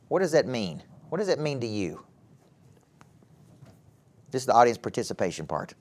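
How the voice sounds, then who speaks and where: A middle-aged man with a Southern US accent giving a live motivational talk to young people, animated and often asking the audience questions. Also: medium pitch, moderate pace, long pauses. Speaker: motivational speaker and former coach. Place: event hall with a live audience.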